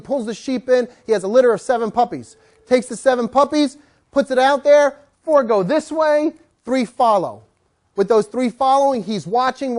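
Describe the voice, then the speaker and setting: Animated dog trainer giving a talk. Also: mid-range voice. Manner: animated, acts out what dogs are thinking.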